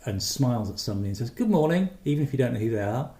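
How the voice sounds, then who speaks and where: A man's voice: medium pitch, very fast, dark tone. A man co-hosting a podcast, talking in an earnest, encouraging way in casual chat, in a roomy recording. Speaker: podcast co-host.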